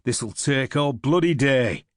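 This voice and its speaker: A man's voice: fairly low pitch, unhurried, husky, no echo, studio quality. A man voicing a tall, lean, surly army rifle officer who talks curtly and grumbles, in an audiobook. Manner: grumbling, curt.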